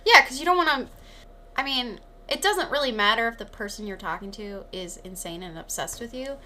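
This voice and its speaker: Lively bright woman chatting. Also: fairly high pitch, a little fast, slight background noise. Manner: conversational, thinks aloud with many likes. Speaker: podcast co-host. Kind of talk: casual chat about a film.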